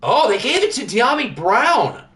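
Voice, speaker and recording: A man's voice: very high-pitched, huge pitch swings, measured pace, bright, forceful tone. A man hosting a live stream of a simulated football league, chatting casually and joking as he goes over results. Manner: chatty, joking, thinks aloud. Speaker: livestream host. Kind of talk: casual sports sim commentary.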